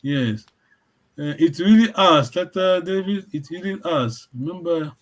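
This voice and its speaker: A man's voice: a little high, animated, a little slow. A man teaching a language lesson, encouraging his students and often checking that they follow.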